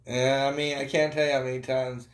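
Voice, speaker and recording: A man making crude deadpan jokes in a casual comedic watch-along chat. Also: medium pitch, a little fast. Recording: roomy echo.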